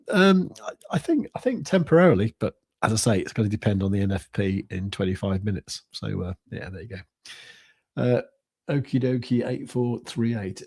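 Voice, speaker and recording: Over live trading charts, a British crypto stream host chats casually and muses aloud, his speech full of fillers. The voice is lowish, a little mellow and slightly rough, with lively intonation and a normal pace.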